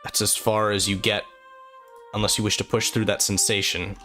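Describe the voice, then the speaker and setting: A man narrating a tabletop fantasy game as game master, telling a dream in measured second-person storytelling. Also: fairly low pitch, level tone, bright, forceful tone, faint music behind. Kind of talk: slow, atmospheric tabletop narration.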